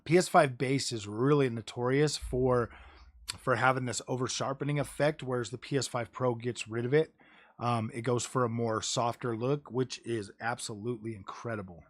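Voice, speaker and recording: Speaking at a moderate pace in a medium-pitched voice with fairly even intonation, a man chats casually on his live stream about game consoles. He jokes around, uses mocking voices, leans heavily on "dude" and "bro," and occasionally curses.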